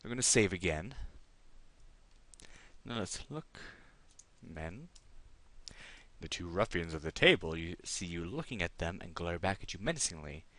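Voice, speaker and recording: A man's voice: low voice, animated, measured pace, pauses often, a bit bright, no echo. A man hosting a let's play, chatting and reading game text aloud.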